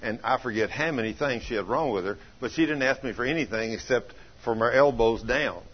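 A man preaching a folksy sermon in a homespun, plainspoken way, telling a story with bursts of excitement. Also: mid-range voice, a little fast, husky, lo-fi sound.

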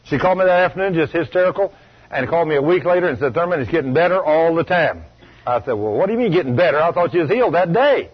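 A husky, fairly high-voiced man preaches a sermon in a folksy, storytelling way. He swings between loud, emphatic bursts and low, quiet asides. The recording sounds dull and lo-fi, like an old radio broadcast. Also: lively intonation, quick pace.

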